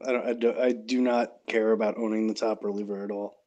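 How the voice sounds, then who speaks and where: A man hosting a casual podcast chat, measured and steering the discussion. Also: fairly low pitch, level tone, dark tone, lo-fi sound.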